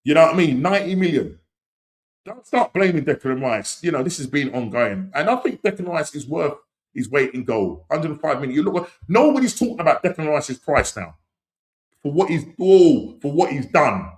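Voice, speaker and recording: A middle-aged man hosting a casual live-stream chat, rambling and leaning on "you know what I mean", with sudden excited outbursts. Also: on the high side, brisk. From England. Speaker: podcast host.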